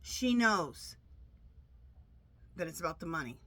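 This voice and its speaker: A woman's voice: lowish voice, sing-song, a little slow, pushed and bright. Chatty woman tarot reader, stuffy nose. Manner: chatty, rambling, many restarts. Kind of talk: casual monologue to camera.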